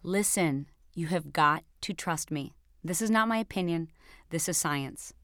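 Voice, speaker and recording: A woman's voice: low-pitched, measured pace, a bit bright, no room sound. Emphatic woman fitness coach, dry close sound. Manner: emphatic and direct, speaks straight to the viewer. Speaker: fitness instructor. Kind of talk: scripted motivational coaching talk.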